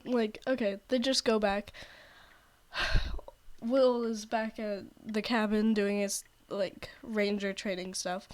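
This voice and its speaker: A young woman streamer retells a novel's plot in a slow, meandering way, often stopping to restart her sentences. Her voice sits a little high, and her throat sounds scratchy. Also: darkish tone. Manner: rambling, full of "like" and restarts. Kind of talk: casual storytelling on a stream.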